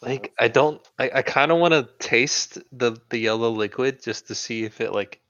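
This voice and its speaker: A man's voice: medium pitch, moderate pace, a bit bright. Wry man on a slightly dull mic. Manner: wry, joking. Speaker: player. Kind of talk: casual tabletop game chat.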